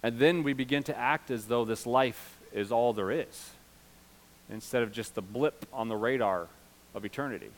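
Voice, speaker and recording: A middle-aged male pastor preaching a sermon, swinging from loud, emphatic peaks to low, confiding asides. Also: moderate pace.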